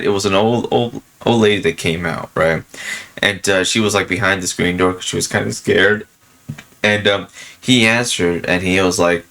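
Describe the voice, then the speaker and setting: A man casually chatting and telling stories, laughing often and filling pauses with um and you know. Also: fairly low pitch, a bit bright. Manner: drops fillers like um and you know. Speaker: podcast host. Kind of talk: casual chat.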